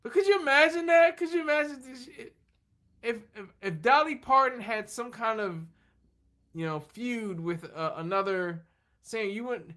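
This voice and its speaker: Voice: mid-range voice, animated, normal speed, a bit bright. A livestream host chatting casually and rambling, laughing often and answering comments from the chat while running on fumes.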